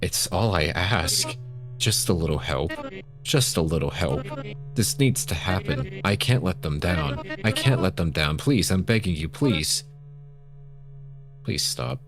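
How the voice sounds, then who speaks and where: A man's voice: low-pitched, animated, a little slow. A man voicing a female witch teacher who pleads and then lays down terms, reading game dialogue aloud on stream. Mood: begging, then stern.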